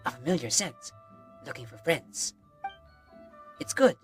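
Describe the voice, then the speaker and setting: Woman voicing a simple wolf-boy for a game; broken phrases, unhurried. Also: deep voice, expressive, faint music behind. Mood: earnest. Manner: broken short phrases, sniffing out scents. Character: wild young wolf-raised man, gentle and simple. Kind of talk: reading game dialogue aloud.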